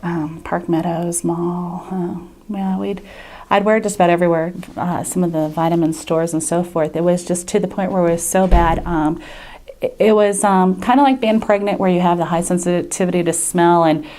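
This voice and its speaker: A woman speaking as a patient in an unscripted testimonial, hesitant and earnest, pausing often with fillers and restarting her sentences. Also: fairly low pitch, fairly even intonation, mellow. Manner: earnest and grateful.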